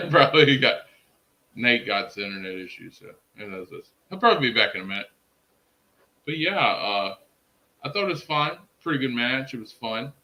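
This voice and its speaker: A man with a medium-pitched, pushed and bright voice swings widely in pitch at a moderate pace, captured in a low-quality recording. Hosting a casual wrestling recap stream, he eagerly talks to his chat and co-host, packing "freaking" into almost every sentence.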